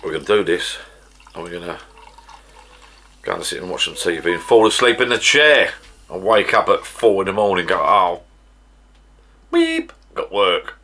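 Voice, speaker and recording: A man's voice: low voice, brisk, pauses often, pushed and bright. A middle-aged man from the UK, chatting casually and rambling in a home vlog from his garden bar shed. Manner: rambling and chatty, with frequent restarts. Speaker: vlogger.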